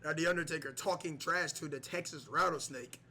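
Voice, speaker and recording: A man giving mock wrestling play-by-play over a video game, excitable, with many fillers and shouts on big moves. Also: fairly high pitch, brisk, a crowd in the background. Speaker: gameplay commentator.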